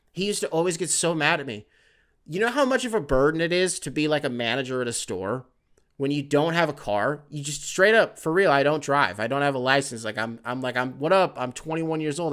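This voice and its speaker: Guy hosting his own podcast solo, rambly and sweary, lots of likes and for reals, gets hyped easy. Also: a little high. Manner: loose, profane, rambling with many fillers; gets excitable and louder when worked up. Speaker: podcast host. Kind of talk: casual solo podcast storytelling.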